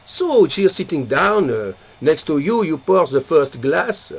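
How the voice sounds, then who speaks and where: A man's voice: a little high, very animated, measured pace, breathy edge, muffled recording, full character voice. A man playing a boastful French seducer. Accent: put-on French. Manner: broken English, theatrical and seductive. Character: smooth amorous Frenchman, boastful and theatrical.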